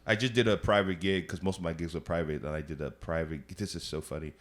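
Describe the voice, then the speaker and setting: A man's voice: low voice, steady tone, quick pace. A man, a comedian guest on a podcast, telling stories in casual chat and acting out the people he quotes with lots of laughter.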